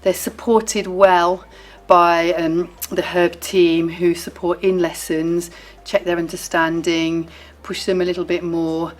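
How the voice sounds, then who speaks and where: A female art teacher describing her lessons calmly. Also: fairly low pitch, slow pace. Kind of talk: interview about teaching.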